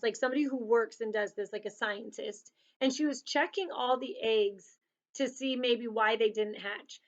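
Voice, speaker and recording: Woman, storyteller for kids, chatty and animated, slightly high voice, dull lo-fi recording. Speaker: storyteller reading to children. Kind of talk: casual storytelling to children. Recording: dull lo-fi sound.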